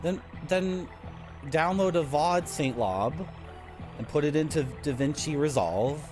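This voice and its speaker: Playful man streaming a game, lively pitch. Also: a little slow. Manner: playful, joking with chat. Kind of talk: casual gameplay commentary. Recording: game music behind voice.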